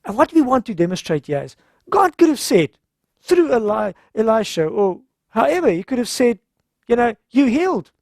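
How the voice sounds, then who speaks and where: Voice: medium pitch, very animated, normal speed, gravelly, darkish tone, dry recording, studio quality. A speaker gives a conversational Bible-story sermon at a health seminar, retelling scripture informally and acting out the characters' lines.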